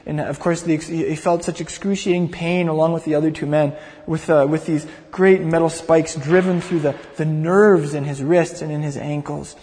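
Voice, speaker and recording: A male preacher with a high voice tells a story with vivid detail, often stumbling and repeating words. His voice rings with a long reverb from a large hall. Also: fairly even intonation, moderate pace, a little mellow. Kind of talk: sermon storytelling.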